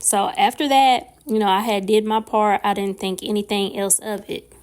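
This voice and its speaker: A woman, telling a casual storytime vlog in an animated, profane way with lots of fillers. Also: medium pitch, moderate pace. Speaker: nail and craft vlogger.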